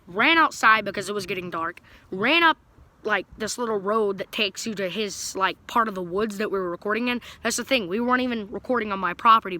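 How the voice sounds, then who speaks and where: Bright-voiced young guy rambling a story. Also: high-pitched. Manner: rambling, with many fillers and restarts. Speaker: vlogger. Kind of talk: casual storytelling to camera.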